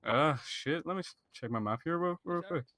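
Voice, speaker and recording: A man's voice: on the high side, lively intonation, moderate pace, bright, forceful tone, dry recording. A man playing a crude, laid-back police applicant in a game role-play, cocky and rambling.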